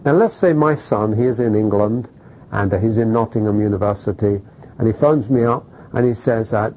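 A middle-aged man preaching a sermon, animated, throwing rhetorical questions at the congregation and checking in with "okay?". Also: on the low side, moderate pace, rough recording.

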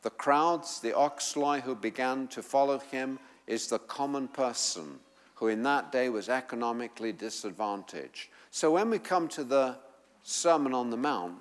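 A man delivers an unhurried sermon to his congregation in a large church hall. His mid-pitched voice rolls out slowly, lingers on key words and builds to fervent, emphatic appeals. Long reverb trails after each phrase. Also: expressive. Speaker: preacher.

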